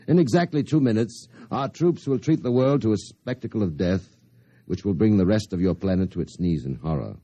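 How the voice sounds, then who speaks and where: Deep-voiced, condescending Martian villain, 1950s radio drama. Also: male voice, expressive, mellow, no room sound. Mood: menacing. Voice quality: smooth, unhurried, condescending. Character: suave scheming male Martian invader, smug.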